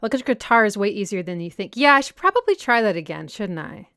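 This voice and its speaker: In a casual livestream Q&A about music, a young woman who hosts a music analysis channel reads comments from viewers aloud and answers them chattily. She speaks quickly and animatedly in a mid-range, slightly bright voice. The audio is studio quality from a personal desk mic, with no room sound.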